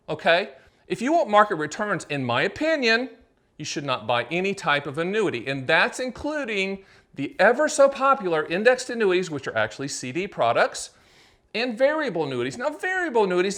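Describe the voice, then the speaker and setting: A man's voice: fairly high pitch, fairly bright tone. Punchy, upbeat man explaining to camera. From United States. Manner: punchy, salesy patter with rhetorical questions and asides. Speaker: annuity agent and show host. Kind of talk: energetic solo explainer to camera.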